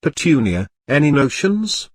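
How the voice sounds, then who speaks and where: A man's voice: a little high, sing-song, unhurried, no echo, clean studio sound. A man reading a storybook parody, voicing a blustering, bossy middle-aged uncle. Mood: scornful. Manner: gruff, bossy and spiteful.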